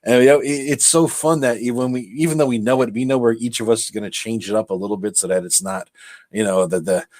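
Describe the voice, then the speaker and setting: A man's voice: mid-range voice, fairly even intonation, fast, a little mellow, no echo, studio quality. A man co-hosting a podcast, chatting casually in a laid-back way and laughing easily. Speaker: podcast co-host. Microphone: computer microphone on a live stream.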